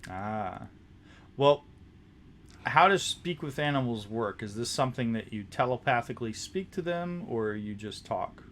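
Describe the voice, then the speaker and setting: A man's voice: medium pitch, lively intonation, a bit bright, a little hiss or hum. Man narrating as dungeon master. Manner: descriptive, halting narration with restarts. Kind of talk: narrating a tabletop game.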